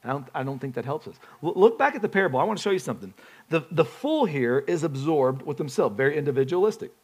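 A male pastor delivers a sermon in a loose, conversational way, with a voice that sits a little on the high side. He keeps putting questions to his listeners and often restarts his phrases as he talks. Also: animated, quick pace, a little mellow, husky. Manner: conversational, asks the congregation questions, frequent restarts.

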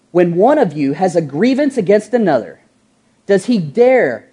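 Preaching with real animation, a woman pastor fills her sermon with rhetorical questions and stretches out important words. Her mid-range voice is dark, mellow, and slightly husky, and she shifts into an everyday tone to act out the people she quotes.

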